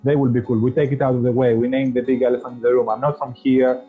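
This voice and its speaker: A man's voice: medium pitch, level tone, rapid-fire, phone-quality sound, faint music behind. A man speaking English as a second language, talking earnestly and passionately as a podcast guest, often restarting his phrases. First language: not English. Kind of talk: casual interview talk.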